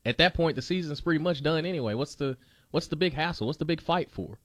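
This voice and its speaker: A man's voice: on the high side, fast, dry recording. A man joining a casual sports talk show as a guest, laid-back and conversational.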